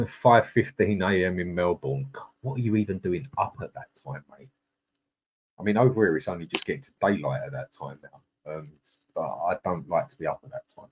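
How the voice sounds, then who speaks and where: A man hosting a casual live stream, chatting in a matey way and reading out viewers' comments. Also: low voice. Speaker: livestream host.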